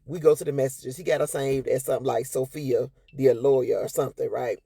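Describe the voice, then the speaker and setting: A woman's voice: steady tone, fairly quick, gravelly, mellow, slightly rough, dry recording, studio quality. A woman, telling a personal story to her followers in a sassy, emphatic way and acting out what people said. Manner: sassy, emphatic, acts out quotes with big pitch jumps.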